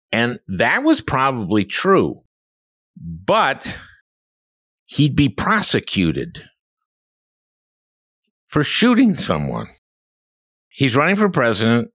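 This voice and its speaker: A man's voice: mid-range voice, huge pitch swings, takes it slowly, pauses often, fairly bright tone, no room sound. A man in his seventies from Minnesota, a podcast host telling wry stories in casual chat. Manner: wry storyteller.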